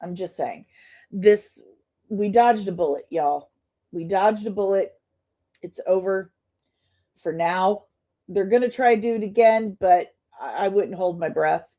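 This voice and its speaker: A woman talks to her viewers on a casual home stream, taking her time over each thought. She chats loosely and reads passages aloud at a relaxed, unhurried pace, her voice sitting at a middle pitch. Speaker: host. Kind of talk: casual live-stream commentary.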